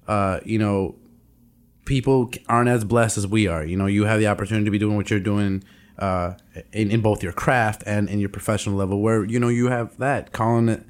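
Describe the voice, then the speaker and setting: A man's voice: lowish voice, a little fast, clean tone. A young man co-hosting a casual podcast chat, telling work stories and acting out the people in them. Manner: animated storyteller, acts out quotes. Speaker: podcast co-host.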